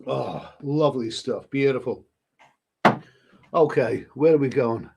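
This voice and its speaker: A man's voice: mid-range voice, measured pace, gravelly, noisy background. A man with a cold, rambling casually as a travel vlogger reading out viewer comments, with many restarts. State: stuffy with a cold. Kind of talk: casual live-stream chat.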